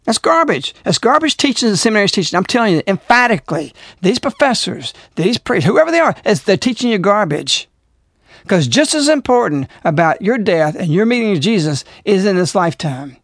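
A man's voice: high voice, sing-song, moderate pace, fairly bright tone, no room sound, studio quality. Emphatic preaching male radio host. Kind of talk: religious radio talk.

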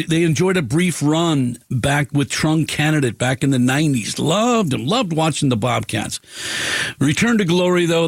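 A man's voice: medium pitch, no echo. Chatty man hosting sports radio. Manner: chatty, self-deprecating, stumbles over repeated words. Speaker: radio sports talk host. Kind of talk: casual sports radio talk. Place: radio studio. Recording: dry studio sound.

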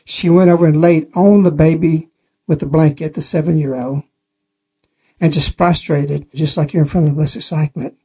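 Man, radio testimony, husky voice, earnest plain storytelling. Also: a little high, fairly even intonation, normal speed, dark tone. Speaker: religious radio speaker. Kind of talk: spoken testimony on a radio program.

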